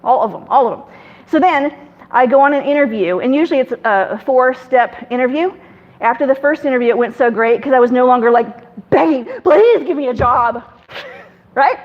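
Woman with a high voice telling her story, chatty, does little voices for people, kinda muffled lo-fi audio. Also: fairly quick. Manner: chatty, acts out other people in quoted dialogue. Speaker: guest telling her faith testimony. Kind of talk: casual personal storytelling.

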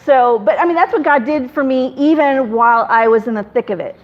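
A woman's voice: sits high, brisk, dull audio. A woman casually telling a personal story, chatty, acting out other people in quoted dialogue. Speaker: guest telling her faith testimony.

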